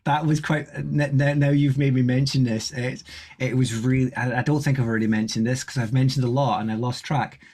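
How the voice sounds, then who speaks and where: A man's voice: medium pitch, fairly even intonation, a little fast, a little mellow. A man co-hosting a running podcast, chatting casually and rambling with many restarts. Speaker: podcast co-host. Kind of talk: casual chat.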